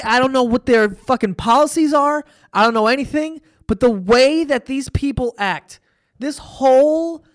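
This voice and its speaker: A man hosting a solo podcast, ranting casually with lots of swearing and sarcastic exasperation. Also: very high voice. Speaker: podcast host.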